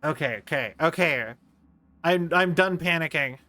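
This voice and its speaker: A man's voice: on the high side, a little slow, bright, forceful tone. A man streaming a video game, rambling and chatting with viewers and laughing a lot. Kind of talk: casual gameplay commentary.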